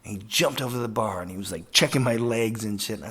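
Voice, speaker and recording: A professional skateboarder telling a casual, profane, rambling story with lots of fillers. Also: male voice, fairly low pitch, fast talker, sharp tone, slightly rough.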